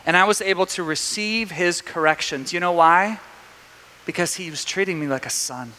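A high-pitched male preacher with a bright, forward voice. He tells his story animatedly and often restarts his sentences. The sound rings with the long reverb of a church hall. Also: normal speed. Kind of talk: sermon.

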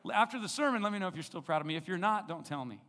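A man preaching in a casual, storytelling way, his voice sitting a little higher than most men's. He pokes fun at himself and slips into the voices of the people in his story. The sound carries a long reverb, as if picked up in a large church hall. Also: expressive, rapid-fire, sharp tone. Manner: conversational, self-deprecating, acts out dialogue. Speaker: pastor. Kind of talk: storytelling sermon.

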